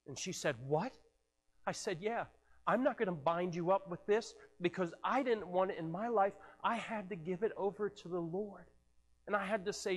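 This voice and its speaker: Male pastor, high voice, earnest sermon delivery with repeated words, church hall with long reverb. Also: moderate pace. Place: church sanctuary.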